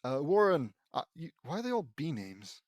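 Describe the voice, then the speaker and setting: A man's voice: fairly high pitch, very animated, normal speed, no room sound, studio quality. Sarcastic young man rambling asides. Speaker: audiobook reader. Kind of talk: fan fiction reading with commentary.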